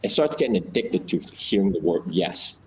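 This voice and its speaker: A man's voice: deep voice, big pitch swings, moderate pace, slight background noise, poor audio. A man in a casual chat, explaining ideas through little acted-out stories, with many fillers and restarts.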